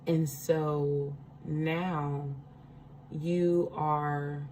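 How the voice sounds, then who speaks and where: A woman's voice: sits low, little pitch movement, extremely slow, warm tone, a little hiss or hum, rough recording. A woman giving a casual spiritual card reading, chatty, laughing often and checking in with her listeners.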